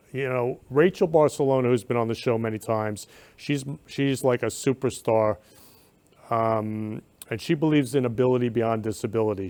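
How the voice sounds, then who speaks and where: A man's voice: medium pitch, a little mellow, smooth. A man hosting a talk show, effusive and emotional, often repeating words of love. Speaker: host.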